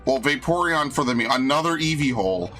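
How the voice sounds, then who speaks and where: Exasperated New streamer ranting. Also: male voice, mid-range voice, animated, a little fast, sharp tone, faint music behind. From New York. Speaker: game streamer. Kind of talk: live game stream commentary.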